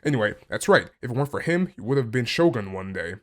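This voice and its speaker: A man casually reacting to a comic chapter, excitable and stammering, packing his talk with "like" and reading passages aloud between his reactions. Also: mid-range voice, quick pace. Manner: excitable, stammering, heavy use of "like".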